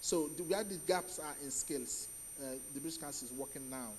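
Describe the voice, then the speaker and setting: A man with a Nigerian accent giving a conference speech, halting often with fillers and restarts. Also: a little high, a little mellow, long reverb tail, slight background noise, poor audio. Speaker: conference speaker.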